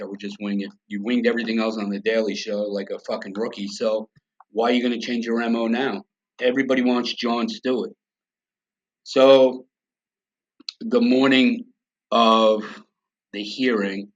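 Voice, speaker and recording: Blunt, profane American storyteller. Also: male voice, lowish voice, highs cut off. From United States. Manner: blunt, profane, acts out quoted dialogue. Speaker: podcast guest. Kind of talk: conversational storytelling.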